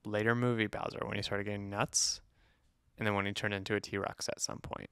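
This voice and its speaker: A man's voice: on the low side, flat delivery, a little fast, a bit bright, clear, resonant tone, dry recording, clean studio sound. A man co-hosting a movie review podcast, chatting casually and teasing his co-host in a loose, rambling way.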